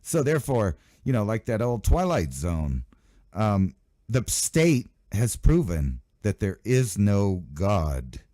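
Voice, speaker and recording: A man's voice: lowish voice, very animated, slow pace, mellow, dry recording, studio quality. A man hosting his own channel, riffing casually and sarcastically on news headlines. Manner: rambling, sarcastic asides, mock voices of officials. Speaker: channel host.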